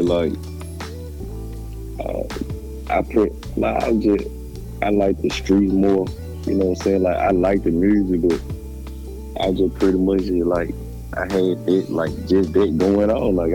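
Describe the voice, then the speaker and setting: A young man with a Memphis Southern accent answering interview questions in a halting, laid-back way, full of fillers and restarts. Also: low-pitched, fairly even intonation, mellow, faint music behind, rough recording. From Memphis, Tennessee. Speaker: rapper guest.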